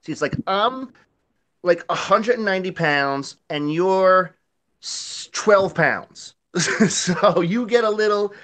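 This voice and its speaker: A man's voice: sits high, slow, pushed and bright, no room sound. A man co-hosting a casual shop-talk podcast, laid-back and profane, laughing often. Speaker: podcast co-host. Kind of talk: casual chat.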